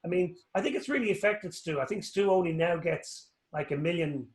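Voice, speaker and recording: A man's voice: high-pitched, a little fast. A man with an Irish accent, chatting as an interview guest, rambling and joking as he tells stories. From Northern Ireland. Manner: rambling, animated storyteller, joking. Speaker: guest, anatomist. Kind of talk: casual interview chat. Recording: echoey room.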